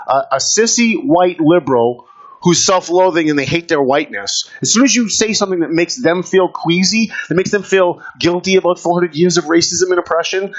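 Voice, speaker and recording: A talk show host delivers a combative, emphatic opinion monologue, hammering home his points. His voice is pitched a bit high, and the recording sounds dull and lo-fi.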